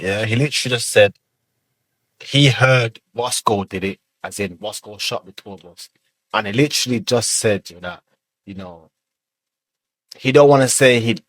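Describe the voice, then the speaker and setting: Guy doing a casual reaction vid, rambling, swears a lot, lowish voice. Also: a bit bright, no room sound. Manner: loose, rambling, full of fillers and swearing. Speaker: reaction video host. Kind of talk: casual commentary.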